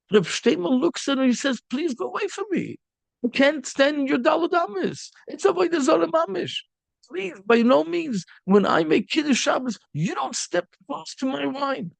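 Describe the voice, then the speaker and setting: Rabbi preaching: male, high and gravelly, animated storyteller, dry close sound. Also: no echo. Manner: animated storyteller, mixing in Yiddish and Hebrew terms. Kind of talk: sermon storytelling.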